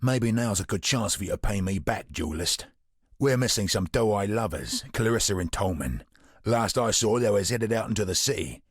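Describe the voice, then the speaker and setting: An actor playing a gruff, sardonic male gambler in a video game, with a wry, husky drawl. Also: fairly low pitch, expressive, normal speed, no echo, studio quality. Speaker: game character.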